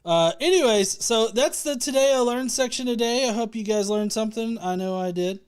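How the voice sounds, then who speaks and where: A man's voice: extremely high pitch, normal speed, clear, resonant tone. A man hosting a casual livestream, joking, swearing, and thanking viewers as he rambles along with restarts. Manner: reads out viewer comments and thanks. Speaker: livestream host.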